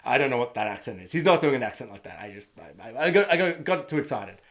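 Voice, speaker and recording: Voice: mid-range voice, fast. A film reviewer ranting through a spoiler recap, sarcastic and swearing freely. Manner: animated, sarcastic, swears freely, laughs often.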